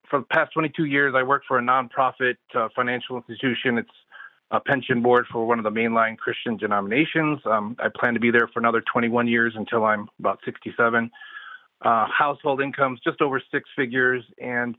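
A man's voice: medium pitch, no room sound. A man in his forties calling in to a radio show, polite and a little hesitant, with many fillers. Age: 40s. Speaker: caller. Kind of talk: phone-in question. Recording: tinny phone line.

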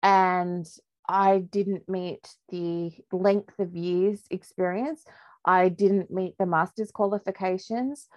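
A woman, a podcast guest, telling her story in a candid, lively way and laughing often. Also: fairly low pitch, slow pace, no echo, lo-fi sound. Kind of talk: casual storytelling interview.

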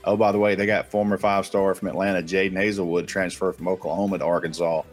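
A man's voice: sits low, level tone, quick pace, soft background music. A man, a guest analyst confidently rattling off football names and stats. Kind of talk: casual sports talk.

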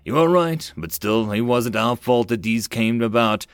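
A man voicing a blunt, proud, hard-edged soldier in an audiobook, speaking a little higher than his narration. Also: animated, unhurried, smooth, no echo, studio quality, close to an everyday voice.

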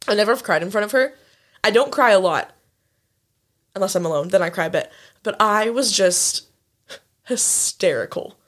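A woman's voice: mid-range voice, expressive, normal speed, pauses often, fairly bright tone. A young woman co-hosting a casual chat, telling stories animatedly with lots of fillers and swearing. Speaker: podcast co-host.

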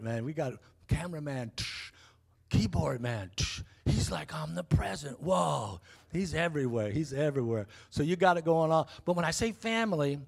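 Older male preacher, playful and exuberant, a touch higher-pitched than most men. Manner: jokey and exuberant, with sudden whoops. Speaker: pastor. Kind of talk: lively church sermon and welcome. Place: church sanctuary.

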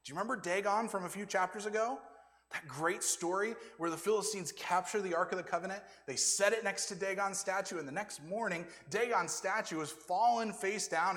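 A male pastor preaching a sermon, animated, then dropping to hushed asides and whispers. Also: high-pitched. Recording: long reverb of a church hall.

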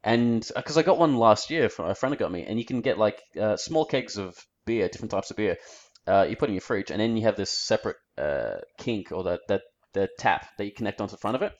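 A man chatting on a podcast, telling stories with a lot of fillers and a voice that jumps up and down in pitch. His audio sounds a little dull and lo-fi, as if it came through a lesser mic. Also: fairly quick. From Australia. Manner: animated storyteller, rambling with fillers. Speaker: podcast co-host. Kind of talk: casual chat.

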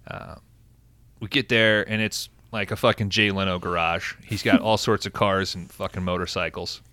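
Laid-back, swearing man with a low, bright voice. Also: fairly even intonation, moderate pace, dry recording. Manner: laid-back, swears often, frequent fillers. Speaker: podcast host recapping a film. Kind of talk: casual profane chat.

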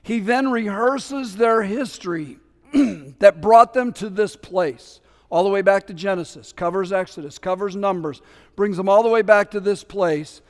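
Animated preacher, high voice, echoing sanctuary. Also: male voice, a little slow. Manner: animated, acts out scripture voices, conversational asides. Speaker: pastor. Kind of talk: sermon. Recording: long hall reverb.

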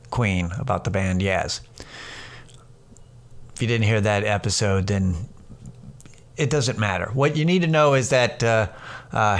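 A man's voice: lowish voice, fairly bright tone. A middle-aged man and comedian hosting a casual solo podcast, telling rambling, profane stories full of restarts. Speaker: podcast host; stand-up comedian.

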